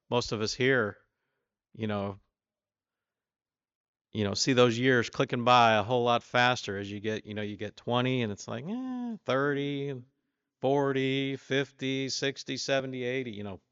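A man preaching in a casual, conversational way, stopping often to put questions to his listeners. His voice sits at a middle pitch and sounds dry and close, with a slightly dull, muffled tone. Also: measured pace, smooth, dry recording. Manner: voices the king boastfully, louder and higher. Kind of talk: informal sermon with scripture reading.

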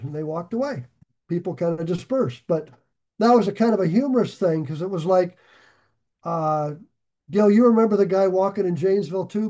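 A man leads a Bible study and tells a rambling anecdote, chuckling along the way. His voice sits fairly high yet sounds mellow and warm. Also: fairly quick. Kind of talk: casual storytelling.

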